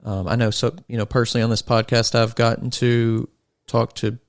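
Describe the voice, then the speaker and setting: A man with a smooth, resonant voice hosts a casual podcast chat. He asks long, winding questions and the recording is dry and close, with no room sound. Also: mid-range voice, little pitch movement, a little fast, no echo. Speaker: podcast host.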